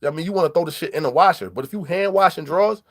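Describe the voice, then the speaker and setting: A man tells stories in an easygoing vlog. He talks animatedly in street slang, mixing in shout-outs to viewers and acted-out dialogue. His voice sits a touch high. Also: very fast. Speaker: vlogger. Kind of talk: casual storytelling vlog.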